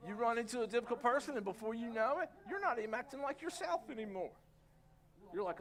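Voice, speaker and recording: A middle-aged pastor preaches in a church, his voice sitting high for a man. He tells stories with lively energy and acts out his own reactions. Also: fast. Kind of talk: sermon. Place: church sanctuary.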